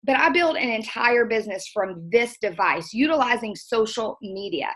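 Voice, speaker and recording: A middle-aged woman gives an earnest, folksy talk to a training group. Her voice is fairly high and bright. She speaks over a video call. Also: expressive, moderate pace. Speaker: guest trainer.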